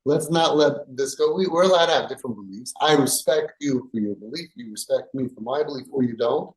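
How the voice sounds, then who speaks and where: A man's voice: medium pitch, brisk. A man giving parents advice in an emphatic way, firing off rhetorical questions and repeating his points. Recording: echoey room.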